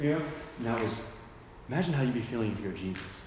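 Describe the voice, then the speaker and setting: A man's voice: medium pitch, very fast, darkish tone, slight background noise. A young man giving a casual sermon, full of slang, who acts out the people in the story as he tells it. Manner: slangy and conversational, full of "dude" and "like". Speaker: youth speaker at a church. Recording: echoey hall with faint ambience.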